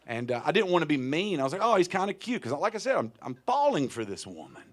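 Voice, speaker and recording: A man's voice: fairly high pitch, sing-song, fast. A man in his thirties telling a wry, profane story onstage between songs at a small live music venue, into a stage vocal mic. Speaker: touring singer-songwriter telling a story on stage.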